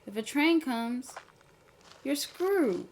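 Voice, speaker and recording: A woman's voice: high voice, takes it slowly, slight background noise. A woman hosting a movie reaction, talking casually and exclaiming at the screen as she watches. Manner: expressive, exclaims and talks at the screen.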